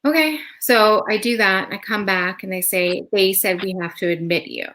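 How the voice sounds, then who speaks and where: A woman's voice: medium pitch, normal speed, pushed and bright, low-quality recording. A middle-aged woman hosting a live talk show, casually telling her own story and acting out the dialogue with lots of "like"s. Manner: chatty, retells dialogue with many "like"s.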